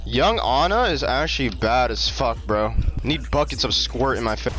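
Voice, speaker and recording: A young man streaming a game at his home desk, trading crude, profane banter and breaking into sudden shouts. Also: medium pitch, lively intonation, moderate pace. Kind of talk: casual live-stream gaming chat. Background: game music playing.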